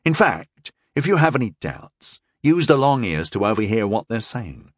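A man's voice: fairly low pitch, very animated, normal speed, no room sound, clean studio sound. A man voicing a worldly, drily joking young knight in an audiobook reading. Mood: wry. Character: wry worldly young male knight-mage. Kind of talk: audiobook character voice.

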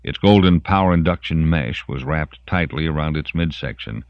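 A man narrating an audiobook in an expressive storytelling manner. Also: extremely low pitch, moderate pace, dry recording. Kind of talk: scripted narration. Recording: dry, muffled lo-fi audiobook.

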